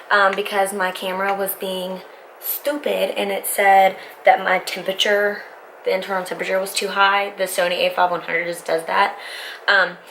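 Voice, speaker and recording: A young woman in her twenties chats her way through a makeup tutorial, rambling and cutting herself off mid-thought. Her voice sits at a middling pitch. There is a faint noise floor under the recording. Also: pushed and bright, rough recording. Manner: rambling, self-interrupting, talks while applying makeup. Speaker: beauty vlogger.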